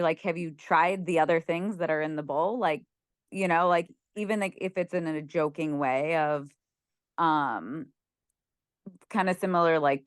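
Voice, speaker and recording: Lying on her bed at home, a young woman with a low-pitched voice chats casually on a video call as a group member sharing, peppering her speech with "like" and laughing easily. The recording is clean and studio-like, with no room sound.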